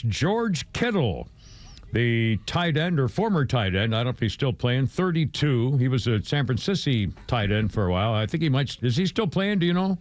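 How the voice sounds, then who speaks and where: A male radio host in casual sports talk who rambles, hums, and chuckles between stories. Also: mid-range voice. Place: radio studio.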